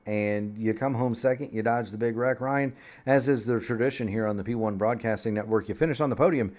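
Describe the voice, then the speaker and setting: A man's voice: medium pitch, brisk, hardly any pauses, darkish tone. A man hosting an online racing broadcast, rambling through the upcoming schedule in a folksy, chatty way. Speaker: sim racing broadcast host. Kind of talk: broadcast commentary.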